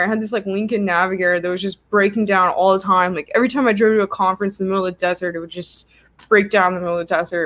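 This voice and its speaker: A young woman hosting a livestream, telling a story casually with lots of "like" fillers. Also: mid-range voice. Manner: chatty, lots of "like" fillers, animated retelling. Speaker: livestream host.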